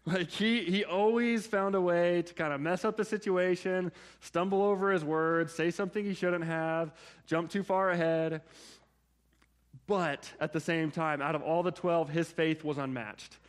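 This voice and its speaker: A man preaching a sermon in a conversational way, often checking in with his listeners through quick asides. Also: high voice, fairly even intonation. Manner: conversational, frequent "right?" and "like" asides. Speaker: pastor.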